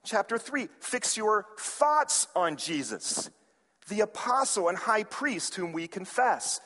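A man with a high voice delivers a sermon in a large sanctuary, his words carrying a long reverb off the hall. He tells stories with animation and raises his voice to play the people in them. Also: takes it slowly. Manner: animated, acts out quoted characters with raised voice. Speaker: preacher. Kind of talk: sermon with storytelling.

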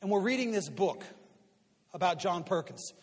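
A man in his fifties speaking to a live audience, an animated storyteller who swings from quiet asides to loud punchlines. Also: high-pitched, normal speed. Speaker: guest speaker and media commentator. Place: large hall before an audience. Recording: long reverb of a large hall.

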